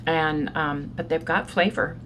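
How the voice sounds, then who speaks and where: A woman's voice: sits low, fairly even intonation, unhurried, a bit bright, slight background noise, rough recording. Upbeat woman vlogging on a phone. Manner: upbeat, talks straight to viewers. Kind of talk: casual chatty vlog. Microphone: handheld phone.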